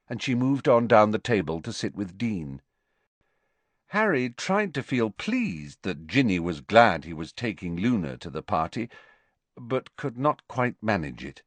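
Very expressive male audiobook narrator. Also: fairly low pitch, unhurried, no echo. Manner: expressive storytelling. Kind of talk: scripted narration.

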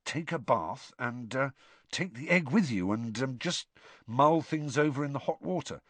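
A man voicing a friendly older teenage boy who speaks low and confidingly, with small hesitations. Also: animated, normal speed, no echo, lightly acted. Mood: confiding hushed. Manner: hushed, confiding, hesitant fillers.

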